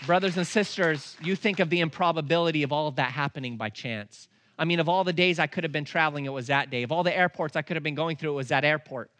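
Forceful, bright-voiced man preaching. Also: fairly high pitch. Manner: animated, acts out dialogue in his stories; slows down and leans on words for emphasis. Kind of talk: storytelling sermon.

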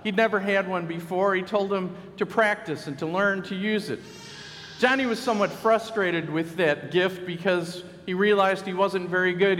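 A man delivers a sermon in an earnest, measured manner, now and then slipping into quoted voices. His voice sits notably high for a man. The sound carries a long reverb, like a church hall. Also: fairly bright tone. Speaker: pastor. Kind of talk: sermon with storytelling.

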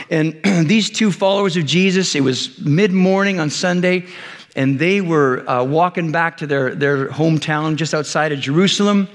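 A man's voice: fairly high pitch, in a large hall. A man preaching a sermon as a pastor, telling a Bible story casually and acting out the characters' lines. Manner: conversational storytelling with lively voiced retellings.

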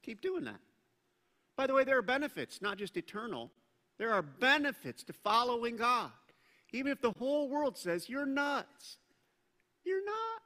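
Male pastor, high bright voice, animated sermon in a reverberant hall. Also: normal speed. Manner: animated, acts out quoted voices. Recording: long reverb of a large hall.

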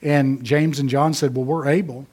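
A man preaching a sermon, rising to emphatic peaks and dropping low. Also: steady tone, moderate pace, darkish tone, breathy edge. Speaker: pastor.

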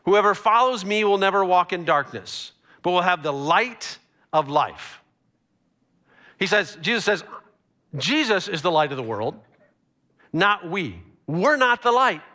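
Bright high-voiced male pastor preaching. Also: measured pace, pauses often. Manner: animated storytelling with acted-out quotes. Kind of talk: sermon.

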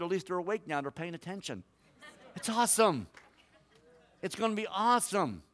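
A man preaching a prophetic sermon as a guest, swinging between loud exhortation and hushed personal words to listeners he calls son and daughter. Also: on the high side. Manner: addresses listeners directly as son, daughter, brother.

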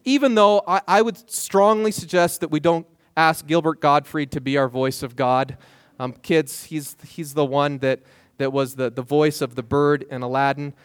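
A pastor with a notably high voice preaches, drawing his listeners into the story with lively, playful asides. The sound is dry and close, with almost no room around it. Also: moderate pace, clean tone, no echo. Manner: animated, playful asides to the congregation. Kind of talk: sermon storytelling.

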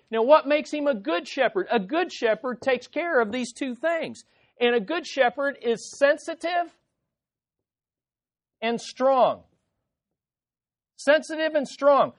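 A pastor preaching a sermon with dramatic emphasis, asking the congregation rhetorical questions and calling for amens. They swing between loud, pressing lines and soft, hushed ones. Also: high-pitched.

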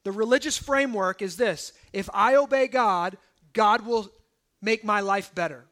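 A man in his thirties preaching a sermon in a church, telling personal stories in an animated way and often asking "okay?". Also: sits high, moderate pace. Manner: animated storytelling, asides like "okay?". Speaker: pastor.

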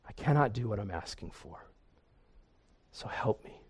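A man's voice: a little high, expressive, slow pace, dark tone. A man preaching voices an indignant woman who turns to plain begging for help. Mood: pleading. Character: indignant foreign woman pleading with a healer.

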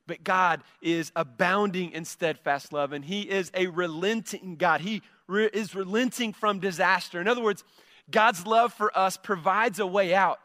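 A man's voice: sits high, no echo, clean studio sound, long reverb tail. A man preaching a sermon, reading scripture and then explaining it, acting out an angry voice in quoted lines. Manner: animated, acts out Jonah's angry voice. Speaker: pastor.

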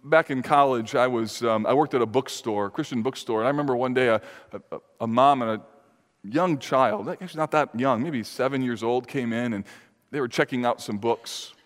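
A man's voice: mid-range voice, normal speed. A male pastor preaching a sermon, earnest and emphatic, rising for stress and dropping to near-confiding tones. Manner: earnest, emphatic preaching with sudden lifts and drops. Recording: reverberant hall.

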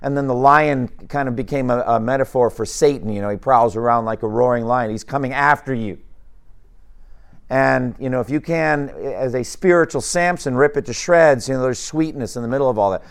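Male Bible teacher, mid-pitch, chatty sermon delivery with asides and restarts. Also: brisk. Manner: informal, musing asides with restarts.

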